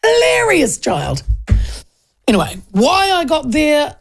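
A chatty middle-aged radio host from New Zealand with a New Zealand accent, her fairly high voice swooping up and down as she tells stories. There's a gravelly fry running through her talk, and she laughs easily between lines. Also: huge pitch swings, takes it slowly. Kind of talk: casual chat and storytelling.

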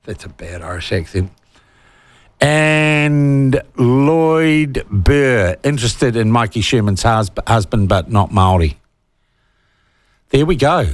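A man's voice: lowish voice, no echo. A man with a New Zealand accent hosting talkback radio, blunt and sarcastic, reading out listener texts. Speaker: radio talk show host.

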